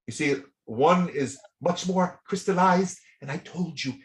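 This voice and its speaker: A man coaching a singer through feedback, chatty and full of restarts and repeated words. He keeps breaking into short demonstrations, swinging from soft to loud. His voice sits in a roomy, echoey space. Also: a little high, measured pace, hardly any pauses. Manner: chatty, repeats words, demonstrates by singing and speaking softly and loudly. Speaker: voice teacher. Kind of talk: voice lesson feedback. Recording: roomy echo.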